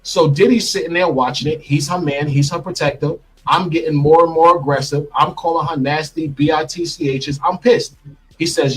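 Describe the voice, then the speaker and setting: A middle-aged man telling a personal story in an interview, animated and acting out the lines he quotes, played from a clip. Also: a little high, fairly quick, husky, poor audio. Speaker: interview guest.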